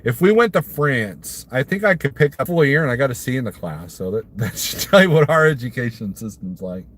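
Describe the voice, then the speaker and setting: A man's voice: mid-range voice, lively intonation, brisk, a bit bright, slight background noise. Chatty trucker man from Missouri. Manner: rambling and chuckly, laughs at his own jokes. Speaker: trucker livestreamer. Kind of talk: casual live-stream chat answering viewer comments.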